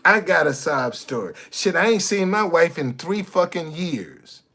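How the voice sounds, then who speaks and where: High-voiced man, ranting bluntly and repetitively on a livestream. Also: lively intonation, unhurried, pushed and bright. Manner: preachy, repetitive, blunt with cursing. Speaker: livestream host. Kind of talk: casual livestream monologue.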